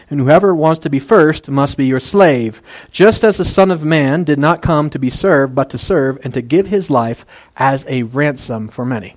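A man's voice: on the high side, moderate pace. A man preaching a casual, conversational sermon, making jokey asides and using plenty of fillers. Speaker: pastor.

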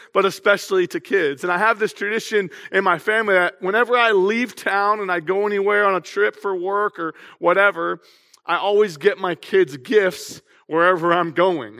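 A man's voice: high voice, sharp tone, in a large hall. A young man preaching a sermon as a pastor in a church, in a casual, chatty way, often asking the congregation to respond.

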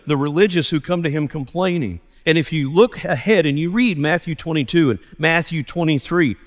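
A man, a pastor preaching a sermon and telling stories with lively acted dialogue. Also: fairly high pitch, big-room sound. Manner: animated storytelling, acts out dialogue.

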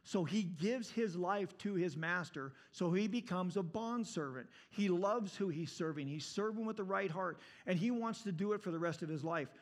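Animated high-voiced male preacher. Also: moderate pace, few pauses. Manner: animated, shifting from loud to hushed. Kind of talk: sermon.

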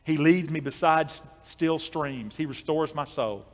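A man voicing a soft-spoken, godly farmer in his early sixties who stammers humbly and talks in a homespun way. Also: fairly high pitch, unhurried, big-room sound, lightly acted. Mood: quiet faith.

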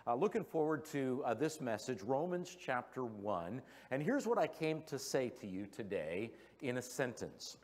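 A man's voice: mid-range voice, very animated, normal speed, few pauses, big-room sound. A middle-aged man preaching a sermon in a church, telling stories with playful humor. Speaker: guest preacher. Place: church sanctuary.

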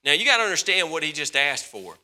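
Animated bright-voiced male pastor preaching. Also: a little high, quick pace. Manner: animated storytelling, swinging from loud to hushed; repeats words and restarts often. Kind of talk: sermon.

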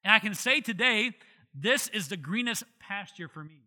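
A middle-aged man from Ohio preaching a sermon as pastor, lively, asking questions and laughing at himself. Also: sits high, normal speed. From Ohio, USA.

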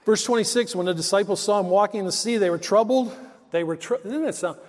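A man's voice: sits high, fast talker, in a large hall. A male pastor preaching a sermon, telling stories in an emphatic, conversational way.

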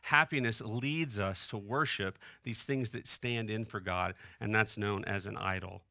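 Young male pastor, conversational sermon delivery, very bright tone, dry close sound. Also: fairly low pitch, unhurried, gravelly, dry recording. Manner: conversational preaching, asks the room "right?". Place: church hall.

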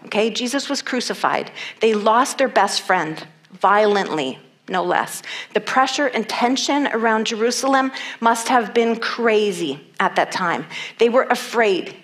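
Woman preacher, fairly high-pitched, earnest sermon delivery with emphatic repetition. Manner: earnest, emphatic, repeats key phrases. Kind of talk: sermon with scripture reading.

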